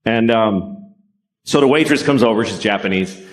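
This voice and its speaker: A man doing a stand-up comedy set, swearing freely, with deadpan asides and sudden high-pitched outbursts. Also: moderate pace.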